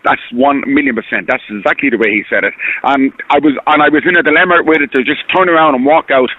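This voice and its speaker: An Irish man speaks fast over a tinny phone line. He rambles, repeats himself and sounds earnest and hurt. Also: mid-range voice. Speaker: caller. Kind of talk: phone-in radio call.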